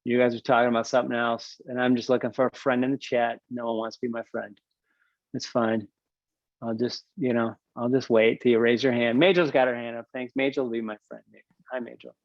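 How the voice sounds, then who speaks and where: A man's voice: mid-range voice, flat delivery, a little fast, no echo. A man hosting a book club on a video call rambles through his thoughts, full of fillers and small jokes at his own expense. His voice sits in the middle of the male range. The sound is dry and a little dull, as from a laptop mic. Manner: rambling, self-deprecating, lots of fillers. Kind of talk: casual video call discussion.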